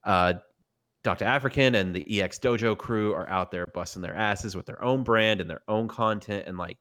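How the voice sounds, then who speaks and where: A man's voice: lowish voice, normal speed, a bit bright. A man with a Tennessee Southern accent, a podcast guest chatting casually in a loose, emphatic way with the odd swear. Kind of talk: casual chat.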